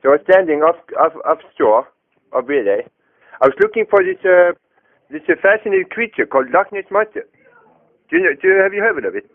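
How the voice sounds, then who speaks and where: A man's voice: sits high, lively intonation, a little fast. A man telling a rambling comic story on a prank phone call, hesitant and full of fillers and restarts. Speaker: prank caller. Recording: tinny phone line.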